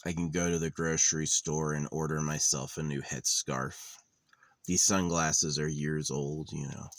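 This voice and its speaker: A man in his thirties vlogs from the van he lives in, meandering through a sardonic monologue with casual swearing. His very deep voice keeps a fairly even intonation and an unhurried pace, and the recording has no echo.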